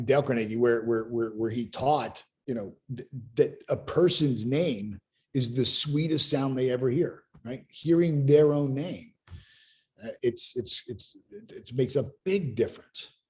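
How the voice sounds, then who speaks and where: A man hosting a live coaching Q&A on a video call, explaining with emphatic, animated energy. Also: medium pitch. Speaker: sales coach and host.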